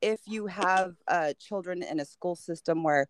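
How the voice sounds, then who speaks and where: A woman in her fifties, a podcast guest, talking in an animated, teasing way and laughing often. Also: lowish voice, a little slow. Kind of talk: casual chat.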